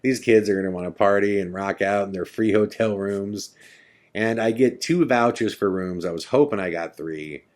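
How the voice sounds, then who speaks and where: A man's voice: fairly low pitch, normal speed, darkish tone. A man hosting a podcast, casually telling a first-person story in a chatty, self-correcting way. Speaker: podcast host.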